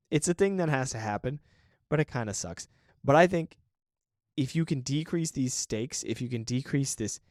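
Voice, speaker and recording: A man's voice: medium pitch, darkish tone, no echo. Male podcast host, reflective and chatty, mid-range voice, dry recording. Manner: reflective, conversational, often asks "right?". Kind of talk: casual solo talk on creative work.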